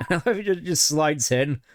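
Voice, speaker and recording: A male game streamer tosses off casual, joking commentary while he plays. His voice sits a bit high and moves around a lot, and he often chuckles at his own asides. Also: expressive, slow pace, slight background noise.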